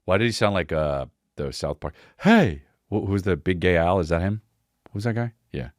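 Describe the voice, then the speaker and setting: A man hosting a podcast, riffing casually and comedically on viral clips in a profane, excitable way, with frequent restarts. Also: low voice, brisk, no room sound, studio quality. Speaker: podcast host.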